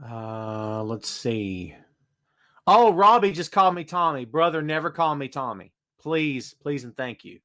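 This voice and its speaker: A man's voice: fairly high pitch, expressive, measured pace, fairly bright tone. A man hosting a casual live-stream podcast from his home studio, chatting and greeting viewers by name. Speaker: podcast host.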